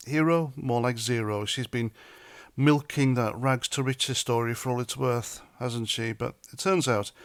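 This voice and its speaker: Man from Britain, political commentator, mocking and sarcastic, mid pitch, dead dry sound. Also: no echo.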